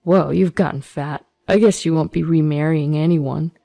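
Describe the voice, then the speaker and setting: A woman's voice: low voice, steady tone, normal speed, vocal fry, warm tone, faint music behind. A woman voicing a smug, arrogant ex-husband who mocks and sneers. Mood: sneering. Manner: sneering, mocking.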